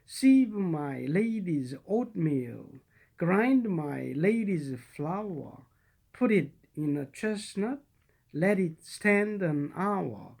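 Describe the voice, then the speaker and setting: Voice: mid-range voice, animated, very slow, vocal fry, darkish tone, exaggerated voice. A storybook reader voicing a chorus of tiny mice chanting nursery rhymes in a sing-song way.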